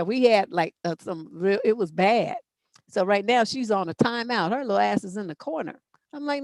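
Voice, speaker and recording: A woman's voice: medium pitch, moderate pace, darkish tone, dry recording. A middle-aged woman hosting a relationship advice show, giving blunt, profane, emphatic answers in unscripted chat.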